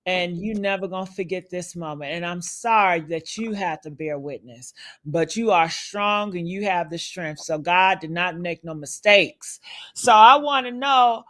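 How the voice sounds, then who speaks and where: Woman, interviewer, sympathetic, consoling, mid pitch. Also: a bit bright. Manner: sympathetic, consoling, religious phrasing. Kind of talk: live stream interview.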